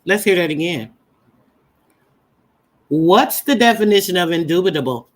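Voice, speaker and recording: A woman's voice: lowish voice, expressive, normal speed. Emphatic woman preaching to her live chat. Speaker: livestream host. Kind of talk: live-stream teaching chat.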